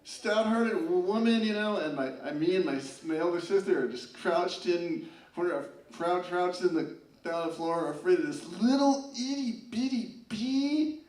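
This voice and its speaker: A man's voice: high-pitched, measured pace, darkish tone. Young man rambling through stand-up. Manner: rambling, lots of fillers. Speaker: open-mic comedian. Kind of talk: stand-up comedy. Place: college lounge, live open mic. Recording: echoey lounge from far off.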